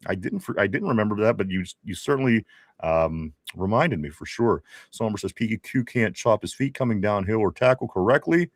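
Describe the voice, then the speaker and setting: A man hosts a casual live sports chat stream, reading out viewer questions with a joking, animated delivery. His voice sits in an ordinary middle range. The sound is dry and close, with no room echo. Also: medium pitch, a little fast, creaky. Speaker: podcast co-host reading viewer comments.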